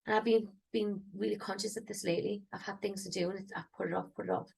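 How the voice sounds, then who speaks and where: Gravelly, husky woman. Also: mid-range voice, steady tone, fast, darkish tone, rough recording. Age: 30s. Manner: rambling, thinking aloud with many ums. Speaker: singer vlogging. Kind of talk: casual reflective vlog.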